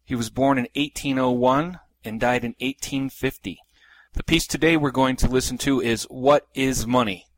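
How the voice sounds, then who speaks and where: A man hosting a podcast, reading a prepared introduction in a steady, plain manner. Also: medium pitch, moderate pace, no room sound, low-quality recording. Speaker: podcast host. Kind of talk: scripted introduction.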